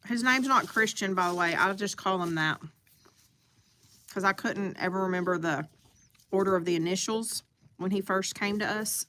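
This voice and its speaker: A woman's voice: lowish voice, normal speed, pushed and bright, a little hiss or hum. A woman hosting a live stream, chatting casually and eating as she talks.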